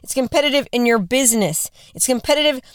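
A woman's voice: high voice, expressive, quick pace, clean tone, no room sound, clean studio sound. A woman in her forties giving a motivational talk, earnest and conversational, repeating questions for emphasis. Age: 40s. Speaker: motivational speaker.

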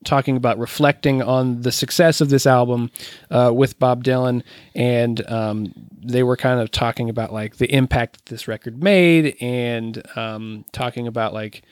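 Relaxed man co-hosting a music podcast. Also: medium pitch, moderate pace, clean tone, dry recording, studio quality. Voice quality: relaxed, filler-heavy, enthusiastic. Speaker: podcast co-host. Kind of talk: casual music podcast chat.

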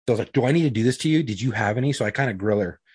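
Brief: husky middle-aged man, loose profane storyteller, dry close sound. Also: mid-range voice, animated, racing, darkish tone, no room sound. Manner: profane, rambling, uses lots of fillers. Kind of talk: casual storytelling among friends.

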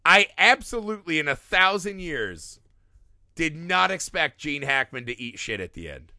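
A man with a gravelly, very bright voice pitched a little high. He talks about films in an irreverent, profane way, breaking into laughter often, recorded close and dry. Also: sing-song, moderate pace, no room sound. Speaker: podcast co-host. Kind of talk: casual film discussion.

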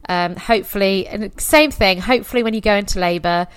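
A woman in her thirties, a podcast guest candidly telling her birth stories in a chatty, expressive way. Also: mid-range voice, brisk, clear, resonant tone, dry recording. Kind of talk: casual birth story telling.

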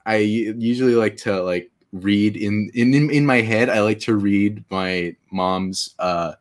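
Halting, rambling man in casual chat. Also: on the low side. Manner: rambling, halting, with many restarts. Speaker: guest.

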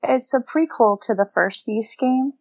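A woman's voice: fairly high pitch, unhurried, a little mellow, no echo, highs cut off. A woman in a casual gaming chat, explaining games in a matter-of-fact way.

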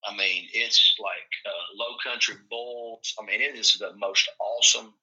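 A football coach from Tennessee, telling rambling, folksy stories in casual chat. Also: male voice, fairly low pitch, fairly even intonation, unhurried, bright, forceful tone. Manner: folksy, rambling, acts out quoted voices. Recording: muffled lo-fi recording.

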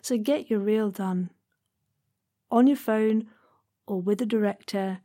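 A woman's voice: medium pitch, dark tone. Chatty, encouraging woman podcast host. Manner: chatty, encouraging, quick asides. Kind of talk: casual advice podcast.

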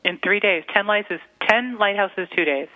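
A woman with a New England accent co-hosting a radio show, giggly and excitable. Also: mid-range voice, normal speed. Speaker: radio co-host. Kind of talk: casual radio chat. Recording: tinny phone-like radio audio.

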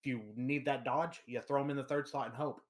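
A man's voice: medium pitch, steady tone, a little fast. A man co-hosting a casual podcast, reading out game stats with enthusiasm and playful asides, on a computer mic over a remote call. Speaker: podcast co-host.

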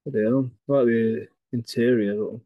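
A man's voice: mid-range voice, steady tone, moderate pace, dry recording, phone-quality sound. A young man co-hosting a casual podcast chat, trading dry, teasing banter. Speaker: podcast co-host.

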